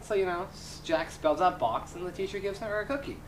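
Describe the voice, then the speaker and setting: Man rambling through jokes, halting delivery. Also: sits high, lively intonation. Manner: halting, lots of "you know". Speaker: comedian telling jokes. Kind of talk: rambling joke telling. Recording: echoey, distant camera mic, noisy background.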